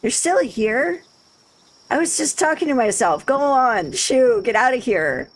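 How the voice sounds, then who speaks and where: A woman's voice: on the low side, little pitch movement, moderate pace, vocal fry, breathy edge, heavily acted. A woman voicing a cocky young female rival monster tamer in a Valley Girl drawl, with a brash, taunting manner. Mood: dismissive.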